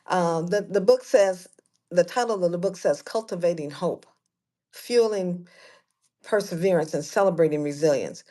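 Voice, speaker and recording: A woman guest and author telling stories casually, animated, acting out quoted voices and repeating words as she goes. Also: on the low side, moderate pace. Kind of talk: casual storytelling.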